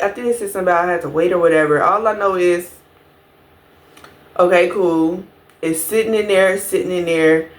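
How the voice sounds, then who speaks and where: A woman telling a storytime to her viewers, casual and profane, talking to them directly. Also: mid-range voice. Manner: profane, animated, addresses viewers as y'all.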